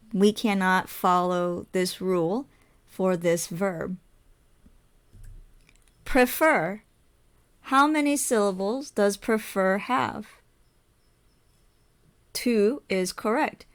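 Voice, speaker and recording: A woman teaching an English lesson in a slow, patient way, saying example words and repeating them. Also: mid-range voice, clean tone. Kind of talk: ESL lesson.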